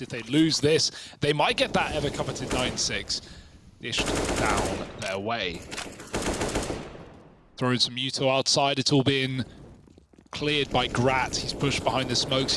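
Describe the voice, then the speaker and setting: A man giving energetic live play-by-play commentary, his voice rising with the action. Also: medium pitch, noisy background. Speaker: esports caster.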